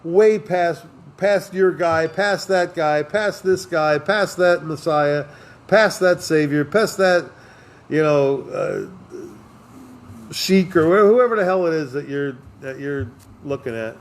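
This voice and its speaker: A man's voice: a little high, slow. A man hosting a podcast who talks in a loose, rambling way, mixing big ideas about history and love with jokes and lots of fillers. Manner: philosophical, joking, with many fillers. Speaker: podcast host. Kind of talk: casual rambling talk.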